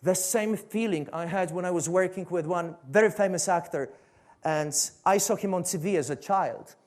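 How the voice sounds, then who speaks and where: A man's voice: high-pitched, moderate pace. A man with a Polish accent giving a motivational stage talk as a coach, pressing his point with rhetorical questions and repetition. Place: stage before a seated audience.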